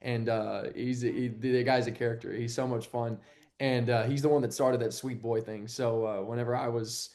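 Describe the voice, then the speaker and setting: A young man from Texas sits in as a podcast guest, telling long stories in easy casual talk. He gets animated and jumps up in pitch whenever he acts out what others said, then drops back to a relaxed, mid-pitched voice. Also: moderate pace. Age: young adult. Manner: animated storyteller, acts out quotes with a jump in pitch. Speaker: guest, TV sports anchor. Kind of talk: casual interview chat.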